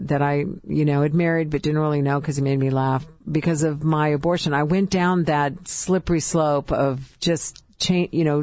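A woman's voice: low voice, darkish tone, no echo. A woman from California tells her personal story as a guest on a talk show. She speaks with emotion, stops often and starts her sentences again. The sound is dry and close, with no room around it. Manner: emotional, halting, with restarts. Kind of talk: personal testimony.

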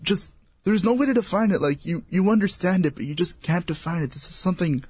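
A man's voice: sits high, lively intonation, quick pace, a little mellow, husky, no echo. A man speaking as a guest on a faith talk show, earnest and encouraging, often repeating words.

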